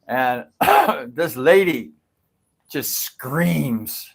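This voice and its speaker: Slow, rambling man telling a story. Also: medium pitch, big pitch swings, creaky, a bit bright. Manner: unhurried, rambling, repeats himself, fillers. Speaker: livestream host telling a racing story. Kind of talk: casual storytelling.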